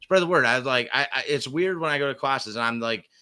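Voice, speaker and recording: A male host in easygoing conversation, reading comments aloud and chuckling often. His voice is bright and forward, his talk loose and profane. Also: medium pitch, fast, smooth. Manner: laughs often, reads viewer comments, swears casually. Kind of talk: casual livestream chat.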